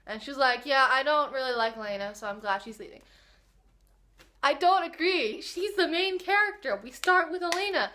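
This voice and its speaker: A young woman vlogger chatting casually and excitably to her viewers, gushing about her favourite shows. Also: high voice. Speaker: book and TV vlogger. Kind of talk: casual vlog chat.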